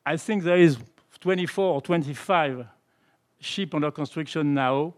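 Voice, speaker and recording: French-accented man on a conference panel. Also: on the high side. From France. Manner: halting, restarts phrases, earnest. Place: conference room.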